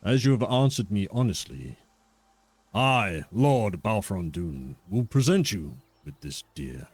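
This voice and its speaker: A man's voice: very animated, darkish tone, husky, no room sound, exaggerated voice. A man putting on a haughty, eyeless skeletal knight. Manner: pompous, slow and low.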